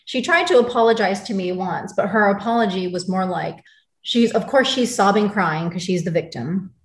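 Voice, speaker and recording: An American woman in her forties, a guest in an interview, recounts her story in an angry, intense and blunt way. Her medium-pitched voice is animated and moderately paced, and the recording has a roomy echo.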